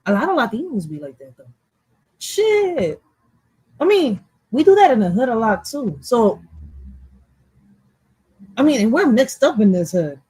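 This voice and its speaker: Philly lady cohost, blunt n swearing, highish voice, dry close sound. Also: a little mellow, slightly rough, no room sound. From Puerto Rican background, raised in Philadelphia. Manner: blunt, swearing, laughing often. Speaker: co-host. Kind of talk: casual profane chat.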